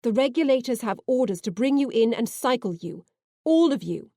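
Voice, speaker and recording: A woman's voice: fairly high pitch, expressive, normal speed, dark tone, dry recording, studio quality. A woman voicing Rel, an earnest young man bringing an urgent warning, in an audiobook reading. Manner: urgent, pleading.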